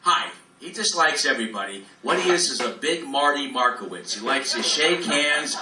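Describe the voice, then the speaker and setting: A man works a live room in a profane, rambling stand-up rant, jumping between tangents as he ad-libs. His voice is sharp and tense. It sounds distant and roomy, with a faint hum of the room behind him. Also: on the high side, expressive, moderate pace. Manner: profane, rambling free-form ad-lib rant. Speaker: stand-up comedian. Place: club room, live in front of an audience.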